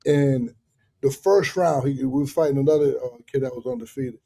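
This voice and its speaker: Husky, mellow-voiced man telling stories. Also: medium pitch, a little fast. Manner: animated, profane storytelling with many fillers. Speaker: live show host. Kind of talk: casual storytelling chat.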